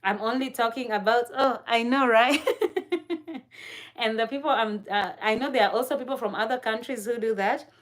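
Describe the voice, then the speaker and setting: A woman hosting a casual livestream chat, talking straight to her viewers, laughing often and filling pauses with "uh" and "um". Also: a little high. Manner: chatty, laughs often, many fillers; talks to chat viewers directly. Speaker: livestream host.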